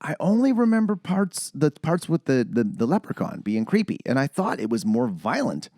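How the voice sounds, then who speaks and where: A man's voice: on the high side, big pitch swings, moderate pace, darkish tone, no room sound, studio quality. A man co-hosting a casual movie-review podcast, rambling and swearing freely as he acts out lines from the film. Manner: profane, rambling, acts out quotes in silly voices. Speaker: podcast co-host.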